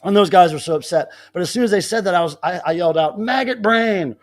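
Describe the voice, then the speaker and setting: A man's voice: fairly high pitch, very fast, darkish tone. A man hosting a casual live stream, telling rambling stories with many restarts. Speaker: livestream host.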